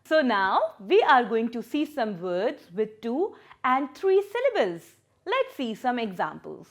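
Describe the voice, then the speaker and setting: Woman teacher, unhurried and sing-song, patient with young learners. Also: a little high, big pitch swings. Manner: patient, repeats words and splits syllables. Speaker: primary school English teacher. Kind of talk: recorded classroom lesson.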